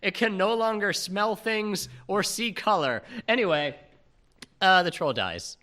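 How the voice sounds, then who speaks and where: A man's voice: high voice, lively intonation, a little slow, pushed and bright. A man hosting a comedy movie podcast, recapping a film scene by scene, laughing often and slipping into silly voices. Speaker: podcast host.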